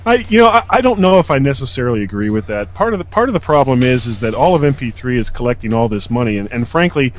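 A man's voice: medium pitch, very animated, fast, few pauses. A man co-hosting a casual tech podcast, arguing his point bluntly. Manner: blunt, argumentative. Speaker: podcast co-host.

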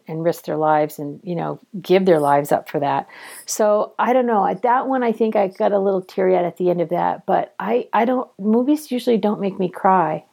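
A woman's voice: fairly low pitch, gravelly, dark tone. A woman in casual conversation, talking thoughtfully with many fillers and hedges. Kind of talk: casual chat.

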